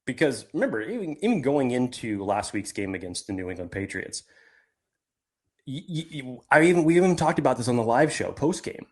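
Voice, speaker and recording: A man's voice: medium pitch, very animated, fairly quick. A man co-hosts a casual sports podcast in an ordinary mid-range voice. He rambles and restarts his sentences as he thinks aloud. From California. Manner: rambling, self-interrupting. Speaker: podcast co-host.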